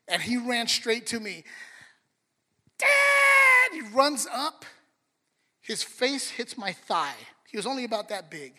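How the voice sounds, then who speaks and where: A middle-aged man preaching a sermon and telling a family story with animated swings between soft and loud talk. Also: high-pitched, in a large hall. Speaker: pastor.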